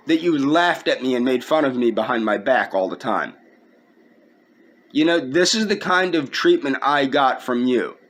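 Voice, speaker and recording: A man's voice: a little high, a bit bright. A man in a personal video rant, aggrieved and indignant, repeating his points. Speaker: vlogger.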